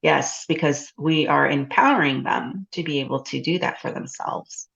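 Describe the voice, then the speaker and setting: A woman hosting a parenting podcast, asking questions and reflecting in an encouraging way, often with a soft "mm-hmm". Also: low-pitched, normal speed, vocal fry, dull audio. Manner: reflective, encouraging, says frequent affirming "mm-hmm". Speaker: podcast host. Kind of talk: casual interview.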